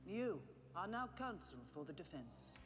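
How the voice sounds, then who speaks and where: Stern formal alien judge in a sci-fi series, high voice with a lively pitch, score behind. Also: male voice, unhurried, over music. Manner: formal, pronouncing.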